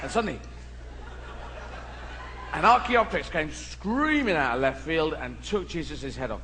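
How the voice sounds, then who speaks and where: A man's voice: on the high side, animated, normal speed, pauses often, a crowd in the background. A man doing a stand-up comedy routine, rambling and playful with mock-pompous asides, recorded live in a large venue. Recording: live show in a big reverberant hall, noisy.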